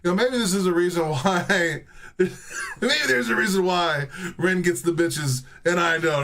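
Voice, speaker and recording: A man's voice: high-pitched, unhurried, background noise. A young man giving a rambling, joking reaction commentary, swearing freely, laughing often and filling his talk with "bro" and "like.". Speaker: reaction streamer.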